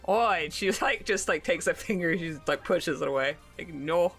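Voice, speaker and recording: A woman's voice: on the low side, normal speed, vocal fry, a bit bright, slightly rough, faint music behind. A woman playing a tabletop game, casually describing her character's actions. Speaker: player.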